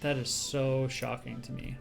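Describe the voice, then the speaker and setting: A man's voice: mid-range voice, little pitch movement, a little slow, vocal fry. A laid-back man co-hosting a casual gaming stream, easygoing and agreeable. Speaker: co-host. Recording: faint music underneath.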